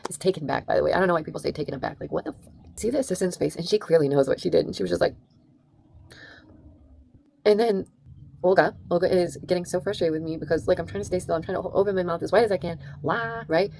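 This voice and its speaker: Fast-talking woman with a gravelly voice. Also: fairly low pitch, darkish tone. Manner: rambling, emphatic, lots of "like" and "right?". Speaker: vlogger. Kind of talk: casual storytelling vlog.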